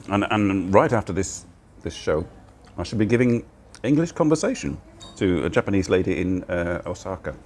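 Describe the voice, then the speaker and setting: An older man hosts a casual livestream from a cozy indoor cafe, rambling along while he eats. His voice is deep and darkish, with lively intonation and a moderate pace. It's recorded on a phone mounted on a handheld gimbal, with a little hiss or hum in the audio.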